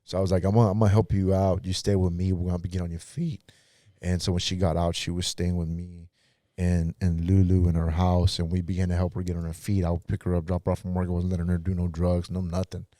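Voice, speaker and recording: A man's voice: low voice, level tone, fast talker, dark tone, dry recording, studio quality. A pastor guest in a podcast interview, telling his own story in a casual, earnest way and acting out what others said.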